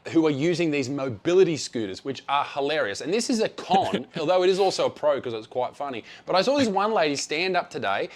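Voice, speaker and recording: Australian man, blunt sweary rant, sarcastic, swinging pitch, slightly high voice. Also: very animated, brisk, hardly any pauses. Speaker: travel vlogger. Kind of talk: ranting travel review.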